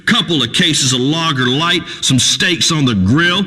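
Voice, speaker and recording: An actor playing a crude, boastful redneck talk radio host in a video game, ranting in a folksy drawl. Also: male voice, a little high, measured pace, in a large hall. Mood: swaggering. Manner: loud folksy swaggering rant, Southern drawl.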